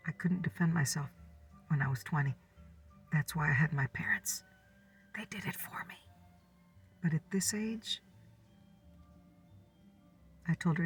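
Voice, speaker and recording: A woman in her fifties telling a neighborhood gossip story in a soft, whispered ASMR style. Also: low voice, a little slow, long pauses, recorded from a distance, faint music behind. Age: 50s. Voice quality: breathy.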